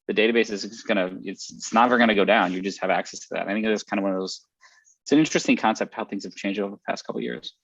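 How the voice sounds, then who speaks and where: Low, husky-voiced man hosting a tech chat. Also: rapid-fire, fairly bright tone, dry recording. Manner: reflective, chatty, repeats words as he thinks. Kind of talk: casual tech conversation. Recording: dry, dull lo-fi stream audio.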